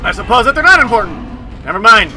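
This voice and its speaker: A man narrating his first run through a horror game, his voice high and swinging wildly up and down. He yelps, swears and jokes whenever something jumps out, with game music running behind him. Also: fast. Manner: excitable, yelps and swears when startled. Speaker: let's play gamer. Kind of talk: first-time playthrough commentary. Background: game music and sound effects.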